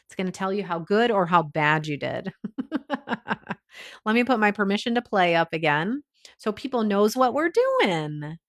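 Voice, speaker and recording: A woman's voice: mid-range voice, lively intonation, a little slow. A woman hosting a casual livestream, chatting with viewers, reading out their names and comments, and laughing often. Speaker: livestream host.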